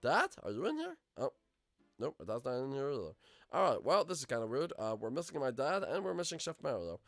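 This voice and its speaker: A man narrating a game role-play for his channel, excitable and rambling, with lots of fillers. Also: medium pitch, quick pace, creaky, no echo, faint music behind. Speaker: gaming YouTuber.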